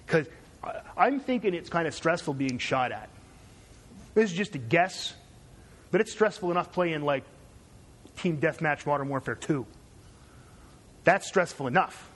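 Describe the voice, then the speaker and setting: A man's voice: a little high, lively intonation, measured pace, pauses often, fairly bright tone. A man from Canada giving a conversational university lecture, digressive and checking in with "right?".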